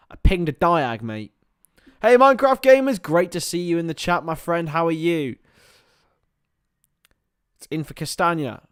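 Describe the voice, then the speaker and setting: A young man calling a live match for his stream, voice sitting a touch high and rising sharply when play gets close to goal. The sound is close and dry, with no room around it, and he slips into mumbled asides full of ums between the action. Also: clear, resonant tone, no room sound. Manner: excitable play-by-play, drops to mumbled asides with fillers. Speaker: watchalong host and commentator. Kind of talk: live match commentary with chat.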